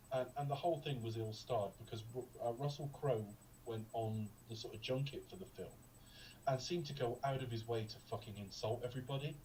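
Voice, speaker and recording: A man's voice: fairly low pitch, warm tone, distant mic, a little hiss or hum, rough recording. A man co-hosting a podcast, chatting casually about a film in a rambling, digressive way with lots of ums. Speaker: podcast co-host. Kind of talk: casual film review chat.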